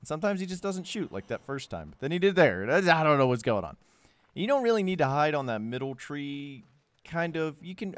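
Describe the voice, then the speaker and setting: Young guy talking thru a game run, sarcastic and rambly, middle pitch, dry close sound. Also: clear, resonant tone, no echo. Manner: sarcastic, joking, rambling asides. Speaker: gameplay guide narrator. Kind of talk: casual walkthrough commentary.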